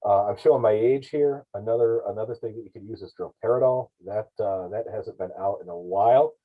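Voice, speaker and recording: A man's voice: on the low side, brisk. A man on a podcast explaining paramedic practice in a rambling, self-correcting way. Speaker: paramedic guest. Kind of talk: podcast discussion. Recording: dull lo-fi podcast audio.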